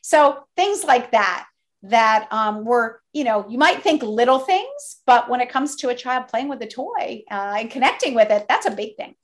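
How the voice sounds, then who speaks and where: A middle-aged woman, a toy company co-founder, telling animated stories as an interview guest. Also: on the high side, normal speed. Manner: animated, enthusiastic storyteller. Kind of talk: interview storytelling.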